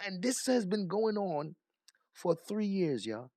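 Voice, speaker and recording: A man's voice: high-pitched, expressive, a little slow, dry recording, studio quality. A man giving casual reaction commentary, incredulous and mocking, swearing and laughing as he talks. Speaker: commentary vlogger.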